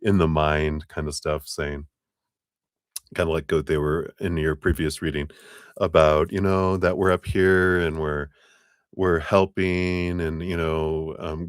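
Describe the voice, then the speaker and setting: A man's voice: deep voice, fairly even intonation, measured pace, clean tone, no room sound, clean studio sound. A man giving a live tarot reading, chatty and rambling, often breaking into laughter. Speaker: tarot reader.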